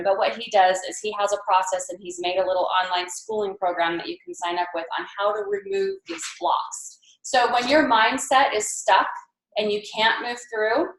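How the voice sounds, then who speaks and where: A woman's voice: medium pitch, a bit bright. A woman gives a live training talk to a group in a meeting room. She tells stories animatedly and slips into quoted voices as she goes. Her voice sits in a middling register, and the room is echoey. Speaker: presenter at a team training.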